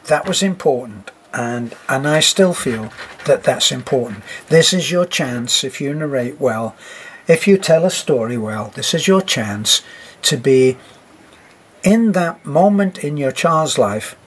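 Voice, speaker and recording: A man's voice: medium pitch, lively intonation, a little slow, slight background noise. An older man teaching storytelling, speaking reflectively with wry asides. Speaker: narration teacher. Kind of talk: talk on narrating for children.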